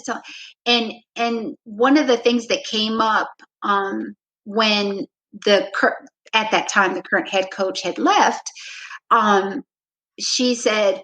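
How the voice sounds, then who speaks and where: A woman basketball coach, a podcast guest, telling a story in a relaxed, reflective way, often filling with "you know" and acting out her own past words. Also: mid-range voice, slow pace, low-quality recording. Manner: frequent "you know" fillers. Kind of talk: storytelling in a conversational interview.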